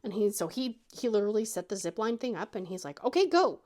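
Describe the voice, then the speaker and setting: A middle-aged woman hosting a craft channel, chatting casually as she tells a story and acts out quotes in a squeaky high voice. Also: fast, dark tone.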